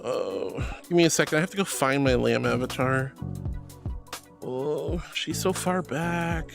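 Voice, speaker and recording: A woman's voice: very deep voice, animated, unhurried, gravelly, music in the background. A woman streamer chatting casually with viewers, playful and dramatic, calling them honey and sweetie. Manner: playful and dramatic, often laughing. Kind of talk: casual livestream chat.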